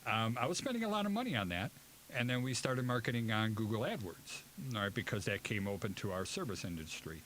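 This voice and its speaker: A man's voice: lowish voice, animated, a little fast, a bit bright, a little hiss or hum, poor audio. A man co-hosting a casual radio show, teasing the others and speaking emphatically about his business.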